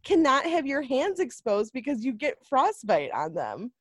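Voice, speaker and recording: Lively, giggly woman in casual chat. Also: high-pitched, unhurried, no echo, studio quality. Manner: giggly, animated, eager to agree. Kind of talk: casual movie review chat.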